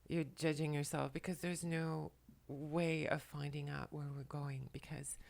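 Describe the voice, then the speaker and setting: A tearful woman at home, speaking to the camera in a soft, halting way while relaying messages, often dropping to a whisper. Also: low-pitched, level tone, vocal fry. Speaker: spiritual channeler and makeup vlogger. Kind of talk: emotional channeling talk to camera. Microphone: camera mic, speaking to the camera.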